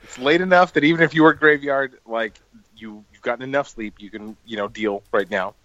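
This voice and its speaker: A man with a mid-range voice, co-hosting a relaxed podcast. He explains things casually, cracks jokes and laughs often. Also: medium pitch, a little fast, dry recording, lo-fi sound. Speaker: podcast co-host. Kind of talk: casual chat.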